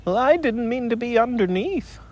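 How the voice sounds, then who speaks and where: Timid little piglet, squeaky high voice, nervous, trembling, very lively pitch, slow, a man acting him out. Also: dull audio, heavily acted. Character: tiny timid young male piglet.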